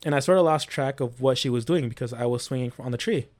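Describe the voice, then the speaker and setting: A man's voice: medium pitch, quick pace, darkish tone. A man hosting a casual podcast, reading paranormal accounts aloud with small slips and restarts.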